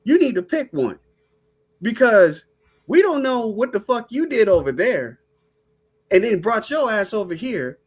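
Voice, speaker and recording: A woman hosting a podcast, ranting with profane, animated storytelling in casual chat. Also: on the high side, measured pace, pauses often, slightly rough. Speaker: podcast host.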